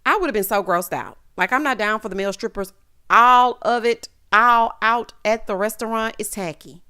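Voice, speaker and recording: A woman's voice: on the high side, normal speed, sharp tone, smooth. A woman hosting a casual reality TV recap, telling it with sassy, dramatic flair and lots of 'honey' and 'child'.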